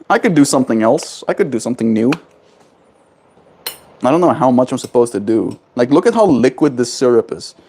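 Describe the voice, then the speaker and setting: A livestreamer chats casually from home, playful and silly, reading viewers' comments aloud and answering them. His voice is medium-pitched and a little mellow, with slight background noise.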